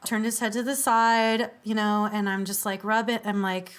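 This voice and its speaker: Woman spilling a wild story on a podcast, mid pitch, lots of "like"s, laughs easy. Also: flat delivery, moderate pace, clean tone. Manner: chatty, lots of filler "like", laughs often. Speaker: podcast guest. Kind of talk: casual storytelling in conversation.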